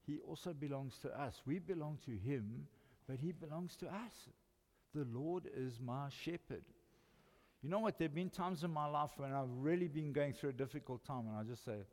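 An older South African man preaches in a fairly high voice. He swings from loud, emphatic declarations down to quiet, intimate asides. The sound carries a long reverb from a large church hall. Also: normal speed. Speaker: pastor. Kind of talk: sermon.

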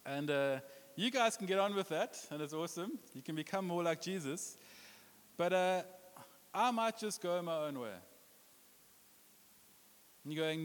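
A man's voice: fairly high pitch, normal speed. A man preaching a sermon as pastor, playful and joking, slipping into put-on voices for quotes. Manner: playful, jokes and puts on accents. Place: church hall with a congregation. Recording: long hall reverb.

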